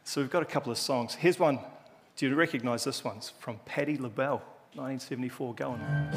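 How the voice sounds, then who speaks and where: A man's voice: mid-range voice, fast, over music. Sex: man. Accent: New Zealand. Style: casual joking sermon. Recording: long church-hall reverb. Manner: chatty, joking, self-deprecating. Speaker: preacher.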